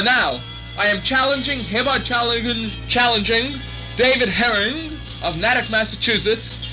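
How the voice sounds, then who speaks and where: A high-pitched man lodging a mock-outraged complaint with over-the-top theatrical indignation. Clear music runs behind him on the tape. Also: low-quality recording. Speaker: contributing fan. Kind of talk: comic mock protest.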